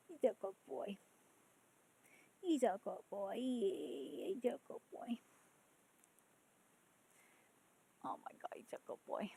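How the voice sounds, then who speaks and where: A woman in her thirties hosting a podcast with a very high, bright, sharp voice. She rants in an animated, exasperated way, scattering "like" and curses through her talk. The sound is close and dry. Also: dry recording. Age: 30s. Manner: animated, exasperated, filler-heavy with frequent "like" and swearing. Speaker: podcast host. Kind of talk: casual ranting commentary.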